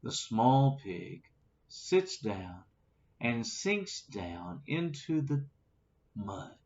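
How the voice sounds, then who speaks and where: A man reading a children's story aloud, with lively storytelling and little asides, on a dull lo-fi recording. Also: mid-range voice, drawn-out words. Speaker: storybook reader.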